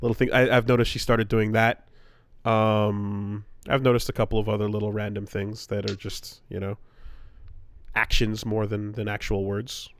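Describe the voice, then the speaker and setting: A man's voice: fairly low pitch, level tone, normal speed, no echo. A man co-hosting a podcast in casual, laid-back chat, swearing freely. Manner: laid-back, swearing, slips into mock mobster voice. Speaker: podcast co-host.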